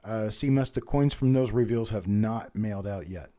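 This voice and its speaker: A man hosting a live-streamed coin auction, calling bids quickly and chatting with viewers by name, his voice a little strained from talking. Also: lowish voice, mellow. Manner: rattles off bid calls fast, chats with viewers by name.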